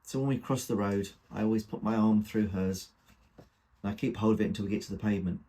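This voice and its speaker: A man's voice: lowish voice, fairly even intonation, brisk, mellow, husky. A man reading a comic dramatic monologue in the first person, with a wry, gossipy delivery. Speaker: reader.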